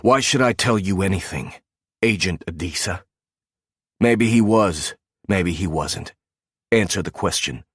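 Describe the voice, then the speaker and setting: A man's voice: low-pitched, measured pace, pauses often, fairly bright tone, slightly rough, dry recording, clean studio sound, heavily acted. A man voicing a wounded, angry male team leader who speaks in a bitter, restrained, accusing way. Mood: cold.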